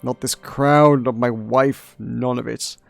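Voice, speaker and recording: A man's voice: mid-range voice, fairly even intonation, takes it slowly, vocal fry, dry recording, soft background music. A man voicing a guilt-stricken middle-aged king who confesses in an anguished prayer.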